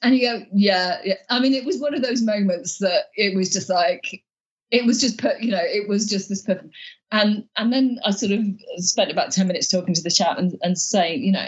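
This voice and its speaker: A woman's voice: mid-range voice, normal speed, highs cut off. A woman being interviewed as a member of the upper chamber, telling stories chattily with many restarts. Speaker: guest peer. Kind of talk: conversational interview.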